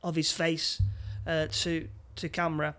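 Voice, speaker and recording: A man with a fairly high voice talks through a film scene by scene in casual chat. He stumbles often, repeating words and padding with fillers as he goes. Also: monotone, measured pace, fairly bright tone. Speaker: podcast co-host.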